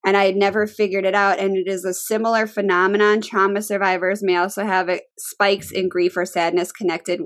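A woman co-hosts a casual podcast chat and reads through tips in an earnest, conversational way. Her voice sits at a middle pitch for a woman. The sound is dry and close, with little room around it. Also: level tone, fairly quick, hardly any pauses, no room sound. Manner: earnest, conversational, with frequent ums. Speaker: podcast co-host.

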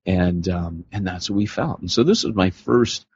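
A man co-hosting a podcast, telling stories in a casual, animated way and slipping into voices for the people he quotes. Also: sits low, normal speed, a little hiss or hum. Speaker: podcast co-host. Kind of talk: casual storytelling conversation. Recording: dull lo-fi podcast audio.

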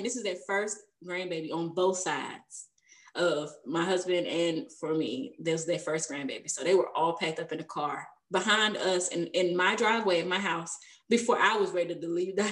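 A woman's voice: fairly low pitch, fairly bright tone. A young adult woman telling a personal story in casual conversation, chatty and laughing often between sentences.

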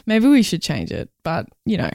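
A woman's voice: medium pitch, wildly swooping pitch, moderate pace, a little mellow, dry recording. Woman, Australian accent, co-host, bubbly, giggly, enthusiastic, dry close recording. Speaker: podcast co-host, HR recruiter. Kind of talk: casual chat.

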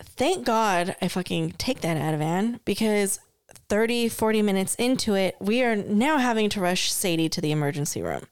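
A woman in her thirties co-hosting a casual podcast with a smooth, clean voice. She tells her stories in an animated, candid way and swears freely. Her pitch sits at a mid level. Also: normal speed, no echo. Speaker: podcast co-host. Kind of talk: casual chat.

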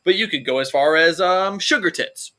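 A man's voice: sits high, expressive, normal speed, pushed and bright. A man co-hosting a comedy podcast, rambling through jokes and swearing freely in casual chat. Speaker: podcast co-host.

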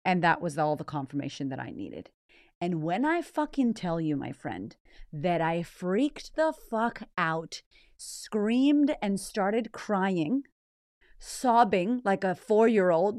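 A woman's voice: on the low side, expressive, measured pace, a little mellow, no room sound, studio quality. A woman in her thirties hosting a podcast and telling a story in a raw, dramatic way, swearing freely. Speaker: podcast host. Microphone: podcast microphone.

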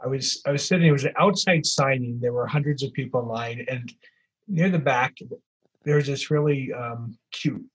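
A man, an author, telling stories in a relaxed anecdotal way with dry humor during an interview. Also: mid-range voice, normal speed, slightly rough. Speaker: author guest. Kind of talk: storytelling in an interview.

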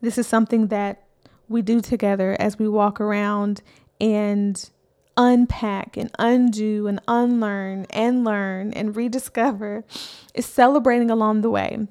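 A woman's voice: mid-range voice, fairly even intonation, a little slow, darkish tone. A woman in her thirties, a healing coach, giving a casual, encouraging motivational talk and often checking in with "right?".

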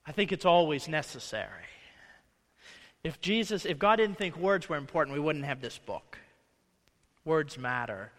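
A man's voice: a little high, fairly bright tone, big-room sound. A man preaching a conversational sermon as pastor in a church, slipping into quoted voices. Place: church sanctuary.

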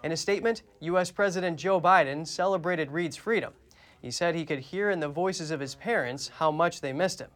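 A man anchoring a news program, reading the headlines in a measured, crisp way. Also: fairly high pitch, fairly bright tone.

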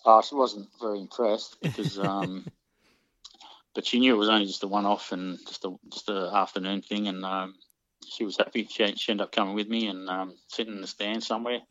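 A man with a low voice telling old stories in a relaxed, halting way, filling gaps with ums and restarting his sentences. The sound is dry and close but dull and muffled, as if recorded at reduced quality. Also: no room sound. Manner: hesitant, many ums and restarts. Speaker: interviewee, former soccer player. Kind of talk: casual reminiscing.

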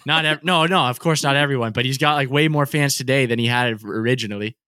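A man's voice: mid-range voice, quick pace, clear, resonant tone, dry recording. A man co-hosting a casual podcast, rambling loosely with lots of fillers and laughs. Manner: relaxed, heavy use of "like", laughs often. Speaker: podcast co-host. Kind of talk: casual chat.

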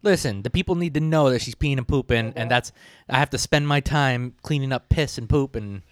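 A man co-hosting a casual podcast, easygoing and quick to laugh. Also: medium pitch. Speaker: podcast co-host.

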